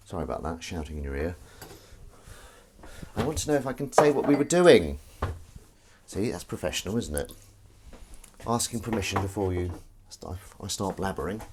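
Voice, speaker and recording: A man hosting a casual live stream, rambling and self-mocking with sudden shouts while he does the washing up at home. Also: deep voice, sing-song, normal speed, long pauses, very noisy. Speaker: streamer host. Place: home kitchen, doing the washing up. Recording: clattering dishes and running water.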